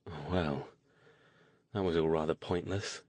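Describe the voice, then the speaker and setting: A man's voice: low-pitched, animated, moderate pace, breathy edge, no room sound. A man voicing a weary, sardonic mage who speaks in a dry, clipped, irritable way.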